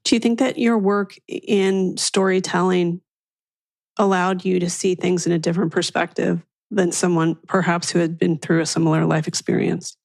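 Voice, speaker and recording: A woman podcast host asking gentle, empathetic questions in an interview. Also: on the low side, fairly even intonation, normal speed, creaky, no echo.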